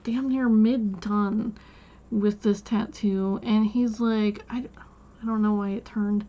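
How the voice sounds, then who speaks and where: A woman's voice: medium pitch, fairly even intonation, takes it slowly, mellow, muffled recording. A woman streamer telling a casual, rambling story while she plays, with lots of restarts and fillers.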